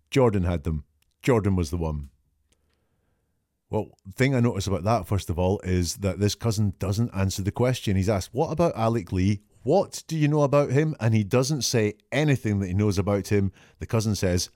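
A man's voice: on the low side, dark tone, no room sound, studio quality. A man working as a statement analyst, talking through interview answers in an analytical, questioning way and stressing key words. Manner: questioning, emphatic, quotes and dissects answers. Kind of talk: analytical commentary.

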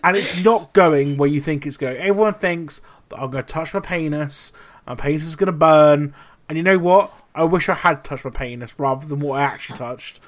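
Animated man telling stories. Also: fairly high pitch, brisk. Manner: animated storytelling, heavy swearing. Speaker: podcast co-host. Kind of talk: casual chat.

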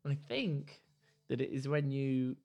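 A man co-hosting a podcast, excitable and competitive in casual chat. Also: mid-range voice, takes it slowly, vocal fry. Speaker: podcast co-host.

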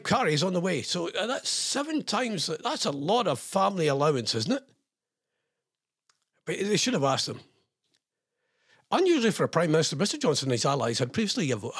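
Man, husky voice, lively swooping pitch, sarcastic rambling news riff. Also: no echo, clean studio sound. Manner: rambling, sarcastic, chuckling asides. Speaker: host. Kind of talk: casual comedic news commentary.

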